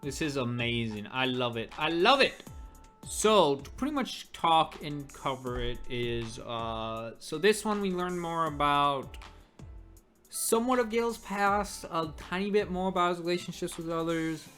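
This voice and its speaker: An excitable webtoon reviewer chats casually about the latest chapter, laughing often and stumbling over repeated words. The voice sits at a middle pitch. Faint background music plays under the talk. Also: a little slow. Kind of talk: casual commentary over a comic.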